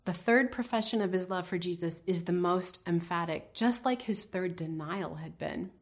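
A woman's voice: fairly low pitch, moderate pace. A woman teaching a devotional Bible lesson in an earnest, reflective way, putting questions to her listeners.

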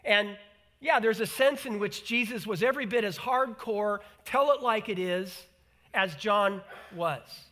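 A man preaching a sermon in an animated way, acting out the voices he quotes and repeating words for emphasis. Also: high-pitched, a little slow. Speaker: pastor.

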